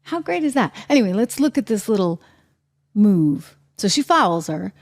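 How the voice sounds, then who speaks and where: A woman's voice: mid-range voice, big pitch swings, moderate pace. A woman hosting her own show, delivering emphatic, indignant commentary and repeating her points. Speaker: show host. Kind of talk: opinionated commentary.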